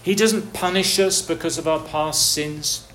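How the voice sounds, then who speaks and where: A man preaching a sermon, asking his listeners rhetorical questions and swinging between soft, hushed lines and raised, calling ones. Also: a little high, steady tone, measured pace, a little hiss or hum.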